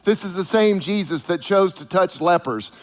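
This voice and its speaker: A man preaching a sermon in an animated way, acting out the voices of the people he quotes. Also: high-pitched, moderate pace, long reverb tail.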